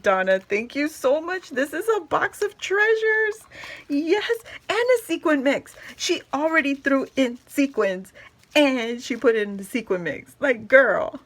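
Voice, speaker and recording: Gushing high-pitched woman unboxing crafts. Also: animated, a little slow. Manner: gushing, exclaims often, swoops up into squeals. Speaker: crafting vlogger. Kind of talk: excited unboxing chat.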